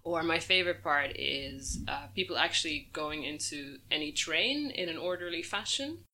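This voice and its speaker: Woman comic from the Netherlands, bright voice, laughs a lot, self-deprecating chat. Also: deep voice, moderate pace, a little hiss or hum. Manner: animated, laughs often, self-mocking. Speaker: stand-up comedian. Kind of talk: casual interview chat.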